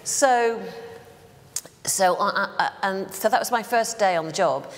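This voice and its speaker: A woman's voice: mid-range voice, expressive, measured pace, long reverb tail. A woman in her sixties from Bristol, England, telling stories in a casual interview as a make-up artist guest, rambling with fillers and restarts. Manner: chatty storyteller, many fillers and restarts. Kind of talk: casual anecdotal interview talk.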